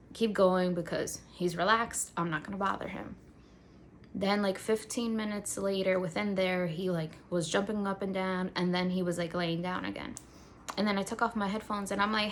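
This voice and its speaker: A woman's voice: mid-range voice, steady tone, moderate pace, a little hiss or hum. A young adult woman speaking in a casual faith vlog, telling a personal story in a conversational way with lots of filler words. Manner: conversational, many "like" fillers, acts out quotes. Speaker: faith vlogger.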